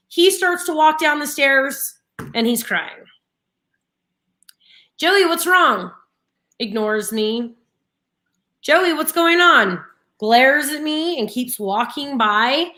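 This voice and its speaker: A woman in her thirties co-hosting a casual morning live show, telling stories animatedly with flashes of frustration. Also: high voice. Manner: animated storytelling, frustrated and laughing. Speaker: live stream co-host.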